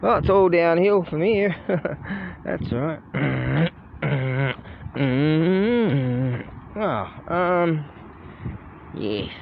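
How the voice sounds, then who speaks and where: A man's voice: on the high side, lively intonation, very slow, gravelly, pauses often. A man with an Australian accent chatting casually while out walking, swearing freely and laughing at his own jokes. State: sleepy. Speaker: vlogger. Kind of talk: casual rambling monologue. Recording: muffled audio with street noise.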